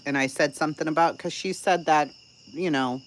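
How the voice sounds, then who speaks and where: A woman's voice: low-pitched, a little fast, slight background noise, rough recording. A woman chatting casually on a live stream. She is blunt and profane, swears freely, and tells a sarcastic story about an argument.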